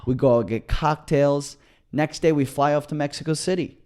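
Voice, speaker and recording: Excited man telling a long story. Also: on the high side, moderate pace. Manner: excited, rambling storyteller with frequent restarts. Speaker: podcast co-host. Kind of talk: casual storytelling chat.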